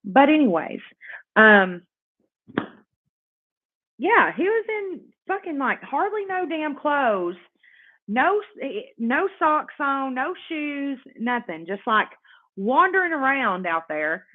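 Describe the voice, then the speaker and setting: A woman's voice: high voice, big pitch swings, slow pace. A woman, telling a rambling, profanity-laced story in a casual live-stream storytime. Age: 30s. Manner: rambling, profane, heavy use of "like". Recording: tinny phone-like audio.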